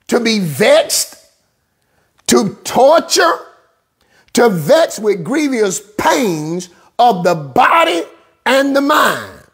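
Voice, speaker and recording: Woman pastor preaching hard, raspy voice, pitch all over the place, repeats lines and shouts. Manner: rhythmic, repetitive preaching that builds to shouts; informal dialect phrasing. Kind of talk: sermon.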